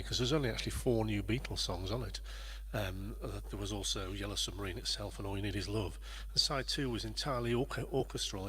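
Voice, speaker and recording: A man hosting a livestream, chatting casually and rambling a little as he greets viewers by name. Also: on the low side. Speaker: livestream host and performer.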